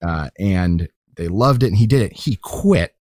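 Low-voiced man rambling through anecdotes. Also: expressive, measured pace, darkish tone, no room sound, studio quality. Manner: rambling, self-correcting anecdotes. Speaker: podcast co-host. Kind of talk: casual chat.

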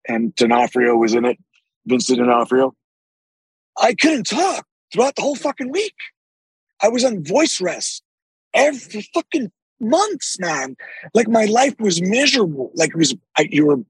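A man with a deep, raspy voice, telling animated stories with frequent swearing as a podcast guest. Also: no echo, low-quality recording. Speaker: actor guest. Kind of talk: casual podcast interview.

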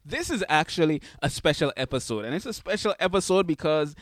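A man's voice: on the high side, lively intonation, fairly quick, no room sound, clean studio sound. A man hosting a podcast in a casual, upbeat way, chatting and laughing while holding his baby son. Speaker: podcast host. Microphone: desk microphone.

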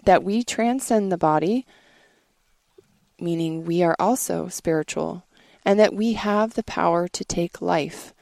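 Creaky-voiced woman reading earnestly. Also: lowish voice, a little slow, darkish tone, no echo. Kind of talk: scripted reading.

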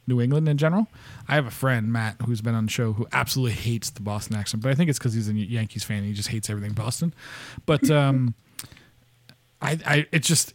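A man's voice: mid-range voice, no room sound. A man from upstate New York hosting a podcast, chatting in a rambling, casual way, laughing often and swearing freely. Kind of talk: casual chat.

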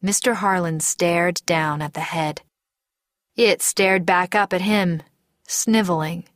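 A woman narrating a first-person story in a measured, deliberate way. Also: lowish voice, fairly even intonation, no room sound, clean studio sound. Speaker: audiobook narrator.

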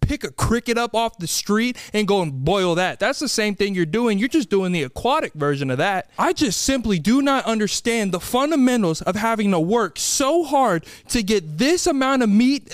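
A man hosting a podcast, telling comedic stories in an animated, exasperated way and acting out the people in them. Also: sits high, clean tone, no room sound, clean studio sound. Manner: animated, exasperated storytelling with quoted voices. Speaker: podcast host. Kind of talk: comedic storytelling monologue.

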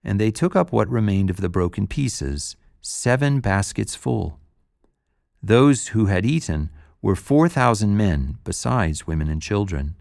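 Male scripture reader, gravelly, very dry close sound, solemn measured delivery. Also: lowish voice, animated, a little mellow, no echo. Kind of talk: scripture reading.

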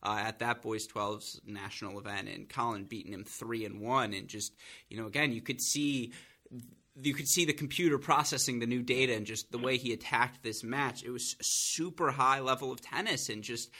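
A man hosting a podcast, chatting casually and telling rambling, excitable stories. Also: mid-range voice, moderate pace. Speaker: podcast host.

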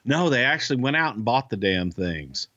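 A man's voice: medium pitch, big pitch swings, normal speed, pushed and bright, dry recording. Blunt, swearing man on a dull mic. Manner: blunt, swears freely, frequent fillers and restarts. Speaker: podcast co-host, wrestling insider. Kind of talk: casual podcast chat.

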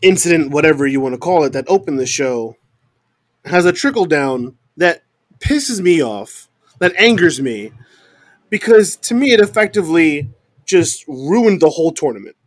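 A man's voice: fairly high pitch, expressive, moderate pace, no room sound, studio quality. Exasperated man ranting about wrestling booking. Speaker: podcast co-host. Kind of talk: casual wrestling opinion chat.

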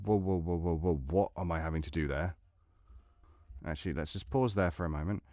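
A man's voice: low voice, fairly quick, mellow, no echo, clean studio sound, soft background music. A man chatting between recording takes, playful and full of laughing asides. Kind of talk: casual studio chat between takes.

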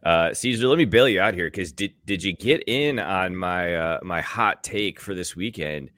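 A man with a low, deep voice co-hosts a sports podcast and brags about his betting wins in a joking, swaggering way. His voice is recorded close and dry, with no room sound. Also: moderate pace, fairly bright tone, no room sound. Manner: boastful, joking, talks in big swings of pitch. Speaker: podcast co-host. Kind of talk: casual sports betting chat.

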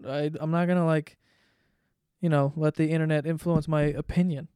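A man's voice: a little high, little pitch movement, moderate pace, mellow, smooth, no room sound, studio quality. A man hosting a solo podcast in a casual comedic rant, profane, sarcastic and rambling. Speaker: podcast host.

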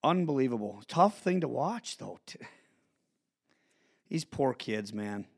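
A man hosting his own podcast, ranting in a profane monologue that swings from low mutters to shouts. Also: expressive, slow, vocal fry, slightly rough. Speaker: podcast host.

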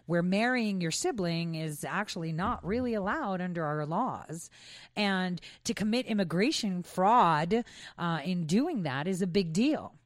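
A woman's voice: fairly low pitch, no echo, studio quality. A middle-aged woman from New York hosting an opinionated commentary monologue, conversational and pointed with frequent asides. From New York, United States. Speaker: commentary host.

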